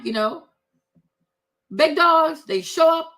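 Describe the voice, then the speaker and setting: A woman's voice: extremely high pitch, slow pace, fairly bright tone. A woman hosting opinionated commentary, blunt and sassy, talking straight to her viewers. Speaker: commentary host.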